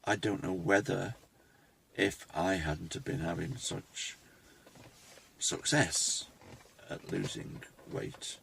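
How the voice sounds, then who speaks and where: A man, talking reflectively to his phone camera in a rambling personal vlog, pausing and restarting often. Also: low-pitched, gravelly, a bit bright, breathy edge. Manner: reflective, halting, with many restarts. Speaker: vlogger.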